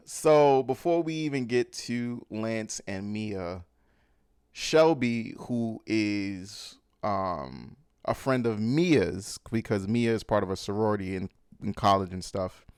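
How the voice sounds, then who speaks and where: A man recapping a film in casual, animated, slangy talk, full of fillers. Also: on the low side, slow pace, clear, resonant tone, dry recording, clean studio sound. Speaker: movie recap host.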